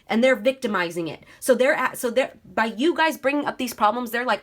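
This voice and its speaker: A woman's voice: on the high side, animated, brisk, few pauses. A woman giving a casual tarot reading, talking straight to her viewers and swearing freely. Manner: chatty, swears freely, addresses viewers directly. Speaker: tarot reader.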